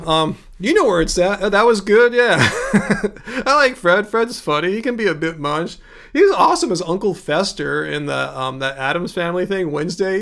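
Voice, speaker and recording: A man's voice: sits high, creaky, a bit bright. A man in his fifties hosting a casual livestream. He chats in a rambling way, reads viewer comments aloud and thanks viewers by name. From California. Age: 50s. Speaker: livestream host.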